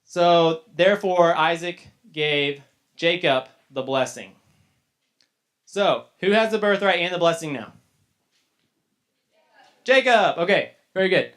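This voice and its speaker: A man's voice: on the high side, expressive, slow pace, pauses often, a bit bright. A man teaching a casual Bible lesson to young people, retelling the story loosely with chatty asides. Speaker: youth teacher.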